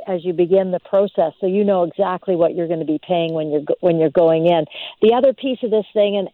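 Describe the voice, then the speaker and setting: A woman's voice: medium pitch, no room sound. A woman hosting a talk show, prompting her guest with friendly questions. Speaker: host. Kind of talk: radio talk interview. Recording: tinny phone-like sound.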